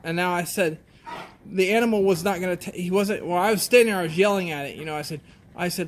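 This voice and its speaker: Farmer guy with a pretty high voice, plainspoken and halting, bit of faint noise behind. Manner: plainspoken, halting, shaken retelling. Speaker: goat farmer. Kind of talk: casual storytelling.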